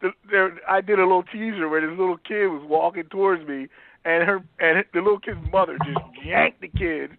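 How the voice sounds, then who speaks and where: A man's voice: high-pitched, fairly quick, vocal fry, dry recording. Laughing man on a tinny phone line. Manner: animated, laughs often, trails off and restarts. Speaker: comedian guest. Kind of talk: casual phone interview chat.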